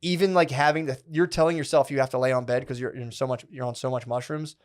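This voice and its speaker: Animated swearing man telling a rambling story. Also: medium pitch, quick pace. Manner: rambling, animated, heavy swearing and filler words. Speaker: podcast co-host. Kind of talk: casual comedy podcast storytelling.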